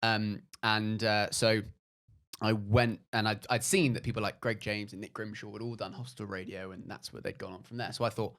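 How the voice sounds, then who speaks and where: Man, 20s, low voice, podcast guest, rambling casual storytelling. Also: a little fast. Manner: animated and rambling, with many fillers. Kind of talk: casual anecdote telling.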